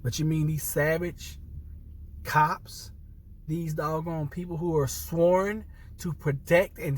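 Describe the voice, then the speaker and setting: Husky-voiced man, upset and earnest. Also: fairly high pitch, fairly even intonation, slow pace, dry recording, far from the mic. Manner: earnest, emphatic, repeats and restarts phrases, addresses viewers as y'all. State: upset and near tears. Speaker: military veteran vlogger. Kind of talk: impassioned personal commentary to camera.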